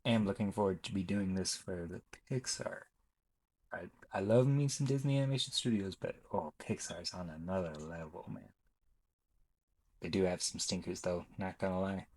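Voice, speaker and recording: Ranking films for his channel, this young man offers loose, casual commentary and often stops to correct himself partway through sentences. He has a deep, slightly mellow voice with a breathy edge, a moderate pace, and poor recording quality.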